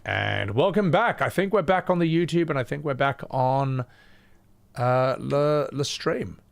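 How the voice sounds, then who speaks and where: Male streamer, gravelly, casual and loose-tongued. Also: mid-range voice, a little slow. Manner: chatty, loose, swears casually. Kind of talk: casual live-stream chat.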